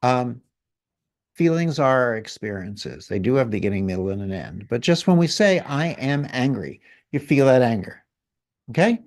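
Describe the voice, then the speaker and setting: A man guiding someone through a feeling exercise in a calm, gently directive coaching way. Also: medium pitch, normal speed. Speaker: guest healer leading an exercise. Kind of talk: guided exercise in conversation.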